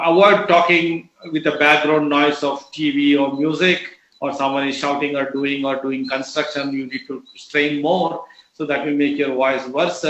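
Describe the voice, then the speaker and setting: A man's voice: fairly high pitch, fairly bright tone. Indian man lecturing in an echoey room. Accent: Indian English. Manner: measured, explanatory, frequent uh fillers. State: voice lower than usual from strain. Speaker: doctor giving a health talk. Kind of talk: medical lecture with slides. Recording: echoey, dull lo-fi recording.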